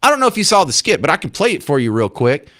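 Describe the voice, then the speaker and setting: A man's voice: on the high side, very animated, quick pace, fairly bright tone. A male talk radio host commenting sarcastically and acting incredulous at clips.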